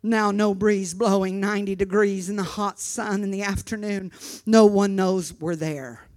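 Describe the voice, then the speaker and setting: Woman preacher, sermon storytelling, impassioned, hushed to shouting, repeated words, dry sound. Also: medium pitch, steady tone, unhurried, no echo. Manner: repeats words when stirred.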